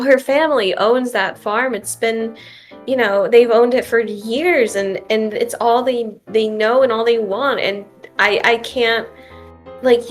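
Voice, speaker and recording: A woman playing a tabletop role-play game, talking in a hesitant, pleading way. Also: a little high. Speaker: player.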